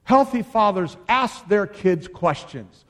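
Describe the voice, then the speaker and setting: High-voiced preaching pastor, loud then soft. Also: male voice, expressive, slow pace. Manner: swings from loud exhortation to soft, intimate asides. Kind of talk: sermon.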